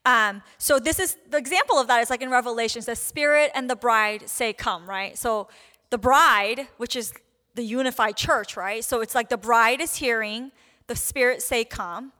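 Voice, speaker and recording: A woman teaching on prayer in a casual, animated way, acting out the short prayers and replies she describes. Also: a little high, moderate pace. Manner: casual, animated, acts out little prayers and quotes. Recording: long hall reverb.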